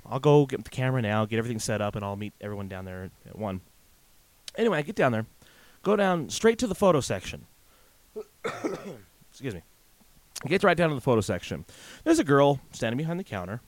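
Lively, rambling man telling a story. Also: mid-range voice, no room sound. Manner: rambling, with frequent "uh" fillers and restarts. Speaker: podcast host. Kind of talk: casual storytelling monologue. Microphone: desk microphone.

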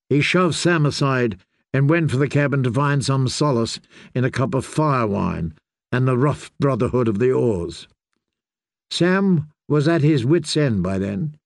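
A man reading a novel aloud as a steady, measured audiobook narrator. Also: mid-range voice, dry recording, studio quality. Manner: slow, steady storytelling. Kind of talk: scripted narration.

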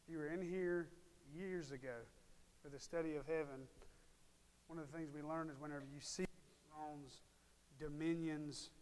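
Male pastor, slightly high voice, emphatic sermon delivery, church with long reverb. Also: darkish tone, slight background noise. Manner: emphatic, repeats words, talks straight to the congregation. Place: church sanctuary.

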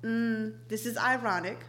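A woman's voice: on the high side, measured pace, a bit bright, slight background noise. A young woman co-hosting a casual chat show, slangy, laughing easily and talking with animation. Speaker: podcast co-host.

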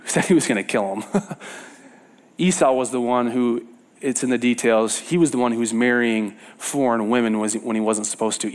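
A man preaching a casual sermon, retelling a Bible story with lively repetition and sudden drops from loud to hushed. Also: mid-range voice. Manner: animated storyteller, repeats words for emphasis, swings between loud and hushed; casual and conversational, with fillers and self-corrections.

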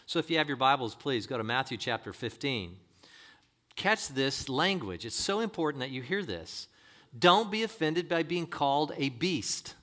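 A man's voice: medium pitch, expressive, normal speed, fairly bright tone. A man preaching a sermon, emphatic and direct, firing rhetorical questions at the congregation.

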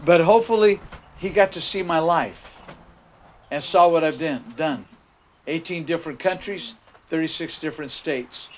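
Emphatic older pastor, high-pitched man. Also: moderate pace, slight background noise. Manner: emphatic, repeats key phrases, frequent restarts. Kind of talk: sermon with personal story.

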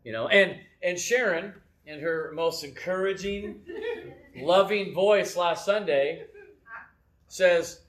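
Speaking slowly in a high, somewhat bright voice, a middle-aged man delivers a laid-back church message from the front. He pokes fun at himself, shares personal stories, and often asks "right?" to check in with listeners.

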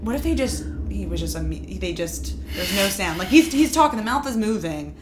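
A woman's voice: mid-range voice, a little fast, background noise. A woman co-hosting a podcast, joking and giggling through a casual film chat. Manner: giggly, animated, jokey. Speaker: podcast co-host. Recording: echoey room with faint ambience.

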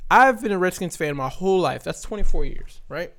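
A man's voice: high-pitched, expressive, fairly quick, few pauses, a bit bright. Exasperated young man ranting about football. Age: 20s. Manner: exasperated storytelling with many "right?" tags. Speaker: podcast host. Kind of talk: casual sports rant.

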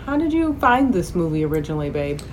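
A woman's voice: low-pitched, very animated, fast talker, a little mellow, slight background noise. A woman co-hosting a casual movie podcast who chats and jumps in with comments. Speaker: podcast co-host.

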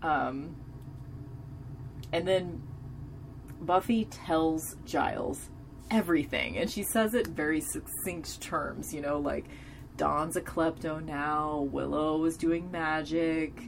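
A woman's voice: low voice, slow, vocal fry, a little hiss or hum. A woman casually recapping a TV episode in a rambling way, hedging with lots of fillers and gushing over scenes she loves. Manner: gushing and enthusiastic; drinking beer while talking.

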